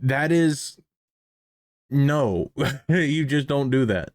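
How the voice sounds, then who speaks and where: A man talks through a video in casual, profane commentary, laughing often. His pitch is average for a man. The recording is dry and close, with no room sound. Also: lively intonation, drawn-out words, a little mellow, no echo. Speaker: reaction commentator.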